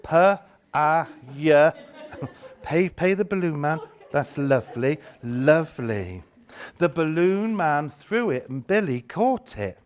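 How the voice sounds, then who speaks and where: A man leads a workshop full of volunteers, his voice swooping up and down with theatrical delight. He speaks slowly, teasing the helpers and savouring each word. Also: on the high side, big pitch swings. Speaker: education trainer leading a seminar. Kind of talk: lively workshop demonstration with volunteers.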